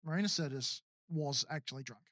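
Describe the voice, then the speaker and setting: A man co-hosts a casual podcast, rambling through his points with plenty of fillers. His voice sits notably high for a man. The recording is close and dry. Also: fairly quick, a bit bright, dry recording. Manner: rambling, filler-heavy, laughs often. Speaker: podcast co-host. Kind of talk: casual chat.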